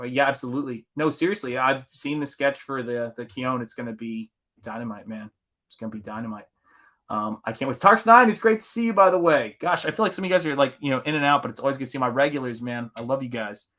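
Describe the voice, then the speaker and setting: A man's voice: mid-range voice, bright, forceful tone. A middle-aged man hosting a live art stream, chatting casually and enthusiastically with his viewers while he paints. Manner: enthusiastic, rambling, talks to the chat.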